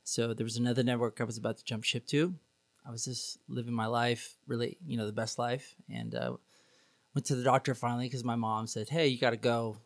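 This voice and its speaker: A man's voice: mid-range voice, expressive, fairly quick, no echo. A man, a podcast guest, telling his own story in a candid, sarcastic, rambling way with many fillers. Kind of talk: casual storytelling.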